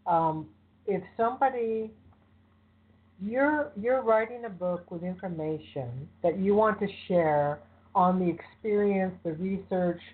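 A woman's voice: medium pitch, slow pace. Woman backing up her partner, kinda searching for words, tinny phone sound. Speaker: interviewer, co-host. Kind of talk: casual conversation.

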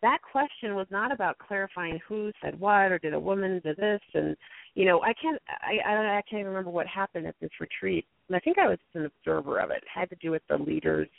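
A woman guest speaker telling lively stories about conflict in a casual interview, acting out quotes in a high voice. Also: fast, gravelly, no room sound. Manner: animated storyteller, acts out quotes in a high voice. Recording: dry tinny phone-like line.

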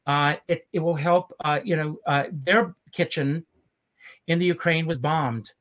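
Southern male host, halting and full of fillers, chatting over a video call. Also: fairly high pitch, fairly even intonation, fairly bright tone. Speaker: show host. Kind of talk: casual chat.

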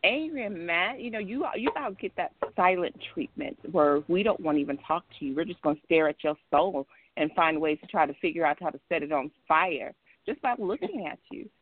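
A woman's voice: lowish voice, expressive, fairly quick, slightly rough. A woman calling in to a casual discussion show, explaining at length in an emphatic, repetitive, rambling way. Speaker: caller. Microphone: phone. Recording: tinny phone line.

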